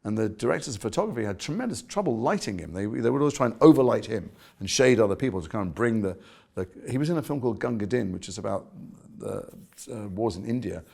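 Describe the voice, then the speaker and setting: A British actor telling stories in an interview, animated and self-mocking. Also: male voice, on the low side, fast talker, gravelly. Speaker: actor guest. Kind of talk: conversational interview.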